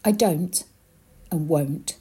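A woman from England reads a short story aloud, steady and matter-of-fact. Her voice is very husky and dark, sitting a little low. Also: very slow.

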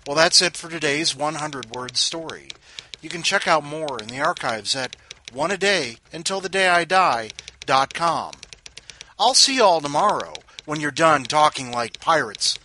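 A man hosting a podcast of short comic stories, reading them with wry, deadpan asides. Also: fairly high pitch, normal speed, slight background noise. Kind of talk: scripted story reading.

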